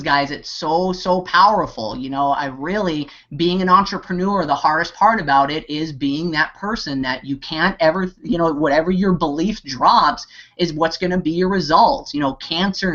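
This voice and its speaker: A man's voice: a little high, sharp tone. Man, motivational talk, rambling, filler-heavy, impassioned, dull lo-fi video call audio. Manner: rambling, heavy on 'you know' and fillers, restarts; impassioned and pep-talking. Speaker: network marketing team leader. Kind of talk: motivational talk on an online hangout.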